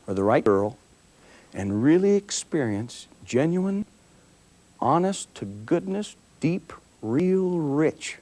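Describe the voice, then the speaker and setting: High-voiced, animated storytelling police sergeant. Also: male voice. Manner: animated storyteller, acting out scenes with humor. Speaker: police officer speaking to students. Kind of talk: motivational talk to a school audience. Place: school assembly.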